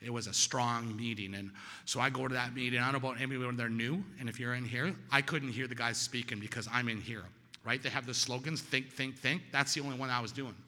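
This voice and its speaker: A middle-aged man giving personal testimony at a recovery meeting, telling his story with sudden loud peaks and quiet drops. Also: mid-range voice, fairly even intonation, fast talker, long reverb tail.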